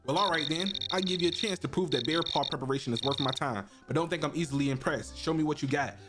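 A man's voice: on the high side, fast, over loud music, lightly acted. A synthetic male voice playing a stern, skeptical character in a video game. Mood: gruff.

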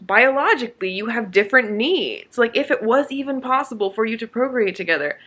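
A woman's voice: fairly high pitch, expressive, a little fast, sharp tone, slightly rough. A woman vlogging about a book she is reading, talking casually with sarcastic, exasperated asides and lots of fillers.

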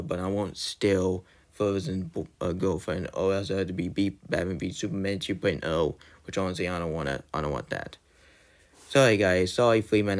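A young man vlogging a heated, repetitive rant and apologizing to his viewers along the way. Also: deep voice. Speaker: YouTuber. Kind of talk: ranting commentary.

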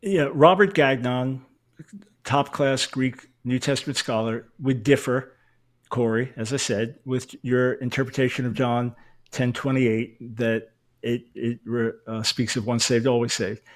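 A man's voice: medium pitch, steady tone, measured pace. A man in a theological debate, arguing firmly and emphatically while citing scholars. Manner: firm, emphatic, cites sources.

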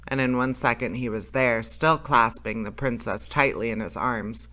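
Bright male storyteller reading a fairy tale aloud, unpolished, with small stumbles. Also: mid-range voice, fairly even intonation, normal speed, hardly any pauses. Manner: plain unpolished reading with small slips and self-corrections.

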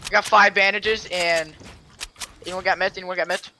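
A man talking loud and profane banter while playing a game with friends over a headset. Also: sits high, steady tone, moderate pace. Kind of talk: casual gaming voice chat. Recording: noisy voice chat mic.

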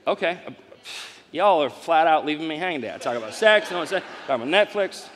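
A middle-aged man preaching a live sermon as pastor, swinging from loud exclamations to soft asides. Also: on the high side, lively intonation, fairly quick. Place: large church hall. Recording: long hall reverb.

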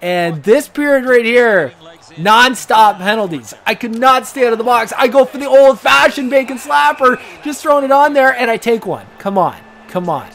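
A young man giving rambling, joking commentary over his own hockey video game match, cursing and getting excited. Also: very high voice, normal speed, creaky. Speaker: gaming commentator. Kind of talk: casual gameplay commentary.

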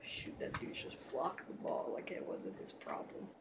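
A man casually commentating a let's-play video, rambling and excitable, often trailing off into mumbled asides. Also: moderate pace, a little hiss or hum. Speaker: gameplay commentator.

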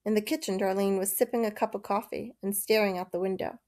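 Woman, narrator, storybook reading, measured, gravelly. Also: medium pitch, fairly even intonation, a little mellow.

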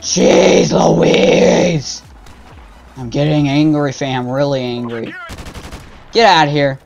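A man's voice: medium pitch, fairly even intonation, normal speed, highs cut off, faint music behind. A young man doing live gameplay commentary for his gaming channel, trash-talking his teammates in slang and getting easily frustrated.

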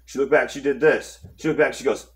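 A young man telling a personal story in a rambling, animated way, with lots of fillers and restarts, and acting out the quotes. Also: medium pitch, fairly quick, slightly rough. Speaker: storyteller recounting an encounter. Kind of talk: casual first-person storytelling.

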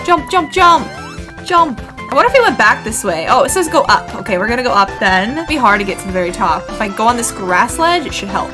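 A woman commentating as she plays a horror game, jumpy and gasping, talking to the game and to viewers. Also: high-pitched. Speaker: gaming youtuber. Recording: music behind voice. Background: game music.

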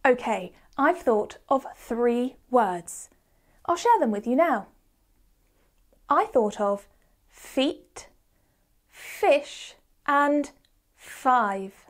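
A woman leads a children's phonics lesson in a bright, sing-song teacher voice. She speaks high and with lots of melody, taking her time. Her delivery is slow and encouraging, pitched for small children. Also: big pitch swings.

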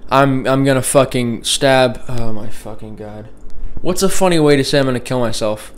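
A young man talks straight into his camera from his bedroom, wandering from one thought to the next. His delivery is deadpan and sarcastic, with steady profanity. His voice sits at an ordinary middle pitch. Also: moderate pace, clean tone. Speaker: vlogger. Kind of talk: casual vlog chat. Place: home bedroom.

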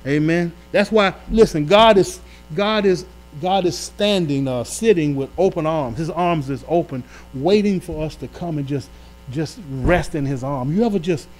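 A man pastor preaching a sermon in a colloquial, call-and-response manner, shifting between loud emphatic swells and quiet asides. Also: a little high, low-quality recording. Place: church during a live-streamed Bible study.

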